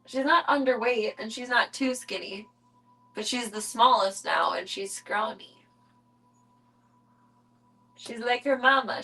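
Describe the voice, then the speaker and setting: A woman streaming casually from home, chatting to viewers and cooing baby talk at her kittens, her voice jumping high when she talks to them. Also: bright, forceful tone, poor audio. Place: home room with cat enclosure.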